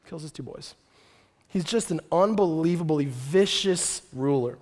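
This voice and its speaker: Lively storytelling male pastor. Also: on the high side, measured pace. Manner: lively storytelling with joking asides. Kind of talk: sermon.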